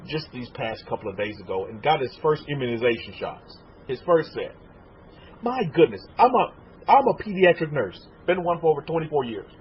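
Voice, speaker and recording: A man in his forties preaching a sermon, animated and emotional, stumbling and restarting and turning to his listeners with questions. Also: a little high, slight background noise. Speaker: rabbi teaching a congregation. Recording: muffled lo-fi recording.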